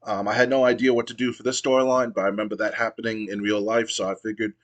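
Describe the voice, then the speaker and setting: A man's voice: on the low side, level tone, quick pace, lo-fi sound. A man casually narrating a wrestling sim playthrough with many fillers and restarts. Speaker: gamer playing a wrestling sim. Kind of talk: casual let's-play narration.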